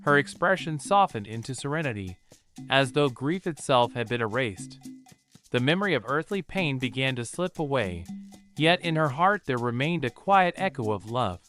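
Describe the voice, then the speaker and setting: A man tells a bedtime story in a calm, gentle, unhurried voice. His pitch rises and falls in wide, expressive sweeps, while soft music plays faintly behind him. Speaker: narrator. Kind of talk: soothing bedtime story narration.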